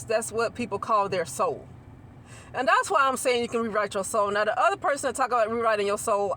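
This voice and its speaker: A woman delivers a loose, unscripted spiritual talk to her channel's viewers. She rambles, restarts sentences and repeats herself, often checking in with a quick "okay?" Faint noise sits in the background. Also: a little high, fairly bright tone. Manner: rambling, repeats and restarts phrases, asks listeners to agree. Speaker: channel host. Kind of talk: casual spiritual monologue to camera.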